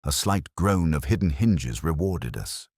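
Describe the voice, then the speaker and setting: A man reading a detective story aloud in measured scripted narration. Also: a bass voice, lively intonation, darkish tone, slightly rough, no echo, studio quality.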